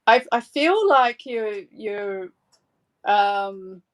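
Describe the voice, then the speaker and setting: A woman giving a live psychic reading, gentle and reassuring, with frequent hesitant fillers and restarts. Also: mid-range voice, animated, drawn-out words.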